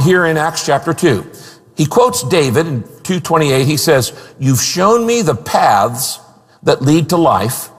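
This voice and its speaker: Male pastor, high and expressive, emphatic sermon delivery, reverberant hall. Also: breathy edge. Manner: animated, emphatic preaching with rhetorical questions.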